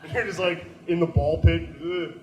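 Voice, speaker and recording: A young man doing a stand-up set, telling stories in a deadpan way and breaking into loud put-on voices. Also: fairly high pitch, a little fast. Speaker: stand-up comedian. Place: small comedy venue. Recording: echoey room.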